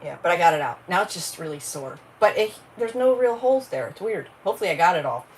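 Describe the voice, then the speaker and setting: During a crafting livestream, a woman chats casually in a fairly low, expressive voice, talking fast and rambling between thoughts while calling out viewers by name. The recording is low quality, with faint room noise behind her.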